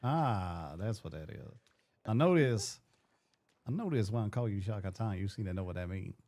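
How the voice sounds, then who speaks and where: A man with a Cajun accent, roleplaying in character with a folksy drawl and rough grammar. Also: lowish voice, expressive, moderate pace, darkish tone, dry recording.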